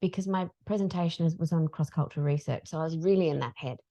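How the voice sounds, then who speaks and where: A middle-aged woman, a podcast guest telling a story in a casual, animated way. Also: low voice, quick pace. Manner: animated, acts out dialogue in her stories.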